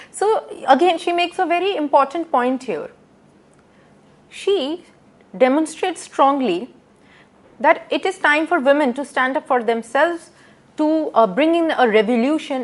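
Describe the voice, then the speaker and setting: A woman lecturing to students, reading out quotations and explaining them with rhetorical questions and frequent pauses. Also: high voice, lively intonation. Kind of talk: recorded lecture.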